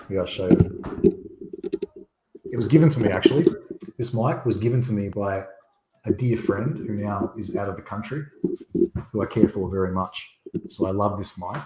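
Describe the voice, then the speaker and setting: A man's voice: fairly low pitch, echoey room, background noise. A man talking bluntly and emphatically as a guest on a casual livestream, rambling through his points. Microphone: USB desktop microphone.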